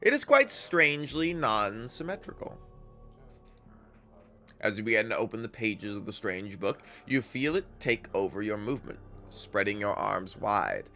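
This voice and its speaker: A young man streams a video game, reading its text aloud in a low, gravelly voice that swings widely in pitch. He drops casual, profane asides between lines. Faint game music sits underneath. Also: lively intonation, moderate pace, hardly any pauses, pushed and bright.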